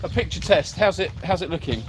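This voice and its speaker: A man's voice: high-pitched, expressive, brisk, background noise. A man co-hosting a casual live Q&A stream outdoors at an animal sanctuary, jokey and teasing as he reads out viewer comments.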